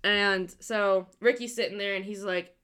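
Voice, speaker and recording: A woman's voice: mid-range voice, fairly even intonation, measured pace, fairly bright tone, clear, resonant tone. A woman casually telling a true crime story, swearing freely and laughing often.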